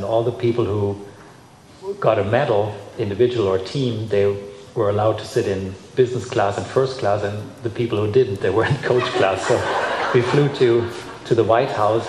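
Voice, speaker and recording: A man, a dressage rider, telling a relaxed personal story to an audience, with some pauses and fillers. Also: fairly low pitch. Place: large hall. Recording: echoey hall recording with faint noise.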